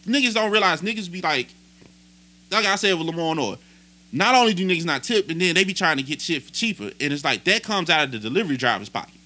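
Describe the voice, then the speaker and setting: A young man co-hosting a podcast, telling a story in casual, animated, profane chat. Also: fairly high pitch, fast talker. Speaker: podcast co-host.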